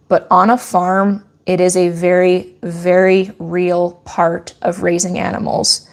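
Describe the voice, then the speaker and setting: A woman's voice: fairly low pitch, a little mellow. A woman goat farmer speaking in an earnest, firm and opinionated way in a casual Q&A vlog.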